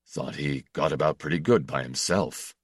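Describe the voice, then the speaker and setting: A man doing a deep, gruff working father. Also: normal speed, dry recording, studio quality. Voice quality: deep, hoarse. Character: gruff middle-aged working father, short and broad.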